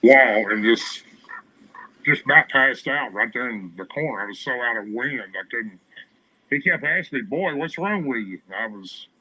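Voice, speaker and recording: A man tells his own frightening story in an interview, his voice very bright and tense. He stumbles and repeats words as he goes, pushing the account forward phrase by phrase. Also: mid-range voice, normal speed, low-quality recording. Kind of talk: recounting a personal encounter story.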